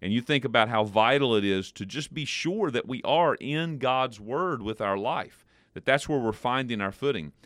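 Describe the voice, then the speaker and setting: A man co-hosting a devotional podcast, explaining Bible verses in a conversational, animated way. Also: moderate pace, dry recording, studio quality. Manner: animated, playful, jumps in pitch for emphasis.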